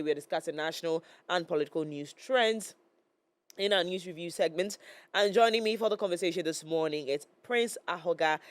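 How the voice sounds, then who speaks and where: A woman's voice: fairly low pitch, no room sound. A woman hosting a live studio talk show, her voice nasal and stuffy from a cold, chatty and hesitant with many fillers. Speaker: morning show host. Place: broadcast studio. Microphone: studio microphone.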